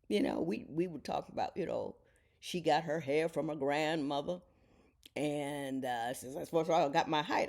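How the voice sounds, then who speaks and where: A woman's voice: a little slow, gravelly. A middle-aged woman, a television judge, telling a casual story at home and acting out the people she quotes. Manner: animated storyteller, voices quoted people with big pitch jumps. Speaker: television judge turned podcaster.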